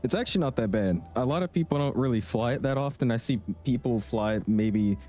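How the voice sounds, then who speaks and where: A man's voice: medium pitch, animated, a little fast, dark tone, faint music behind. A young man streaming a flight sim, chatting casually and greeting viewers by name. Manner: laid-back, greets chat by name. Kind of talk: casual live-stream chat.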